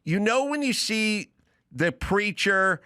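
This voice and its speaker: A sarcastic man hosts a comedy talk show, his voice bright and sharp. His pitch swings all over as he riffs, profane and mocking, slipping into imagined back-and-forth dialogue. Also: expressive, slow. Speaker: podcast host.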